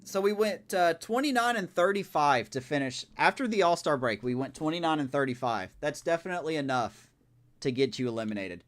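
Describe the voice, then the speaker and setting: A man's voice: on the high side, fairly quick. A man streaming a baseball video game live, reacting casually and with exasperation as he plays. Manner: animated, talks to himself, exasperated reactions. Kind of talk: casual live gameplay commentary.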